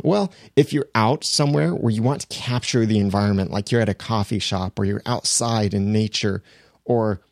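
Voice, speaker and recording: A man explaining podcast recording in a relaxed, conversational teaching manner, close to a studio microphone. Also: on the low side, no room sound. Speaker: podcasting instructor. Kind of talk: instructional explainer. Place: small home studio room.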